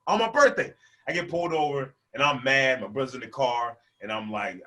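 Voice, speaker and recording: A man in his twenties doing animated stand-up storytelling for a virtual event, laughing between lines and acting out the people in his story. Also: mid-range voice, brisk. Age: 20s. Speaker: stand-up comedian. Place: a room, performing for a virtual event. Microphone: video call microphone.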